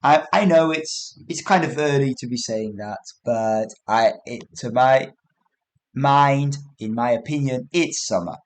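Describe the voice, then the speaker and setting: A man's voice: mid-range voice, measured pace. A man from England with an English accent, hosting a chatty English lesson podcast, rambling, correcting himself and laughing often. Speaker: English teacher podcast host. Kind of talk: casual spoken English lesson.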